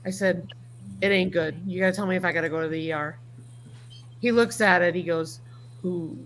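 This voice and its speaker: A woman's voice: lowish voice, a little fast, a little hiss or hum. A middle-aged woman hosting a casual livestream chat. She tells folksy stories and reads viewer comments aloud. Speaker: livestream host.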